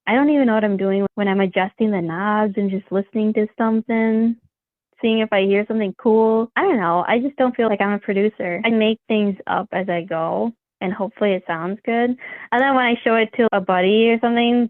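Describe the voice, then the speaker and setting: A woman in her thirties from Wisconsin, a singer-songwriter guest telling stories in casual interview chat, animated and laughing often. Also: medium pitch, fairly quick, no room sound. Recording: tinny phone-like line.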